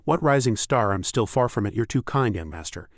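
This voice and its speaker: A man's voice: medium pitch, animated, brisk, no echo, clean studio sound. A man voicing a modest, bashful young Taoist man. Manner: bashful, humble.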